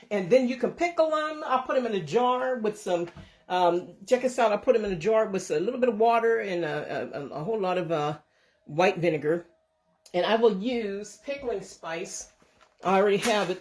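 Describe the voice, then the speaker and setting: A woman hosting a casual home cooking vlog and filming herself on a handheld phone. She talks in a chatty, rambling way, keeps correcting herself, and blesses her viewers warmly. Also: mid-range voice, expressive, moderate pace. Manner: chatty and rambling, with frequent restarts and self-corrections. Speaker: home cooking and canning channel host. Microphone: handheld phone camera.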